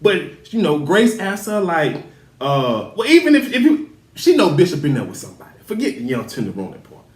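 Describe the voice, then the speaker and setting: Male recap host, high and highly animated, with roomy echo. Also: fairly quick. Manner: emphatic, talks back to the characters, laughs often.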